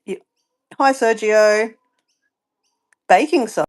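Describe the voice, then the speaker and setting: Chatty Australian woman with a lively voice. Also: mid-range voice, moderate pace. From Southeast Queensland, Australia. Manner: rambling, chatty, easily sidetracked. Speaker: livestream host. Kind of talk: casual live-stream chat. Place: at home.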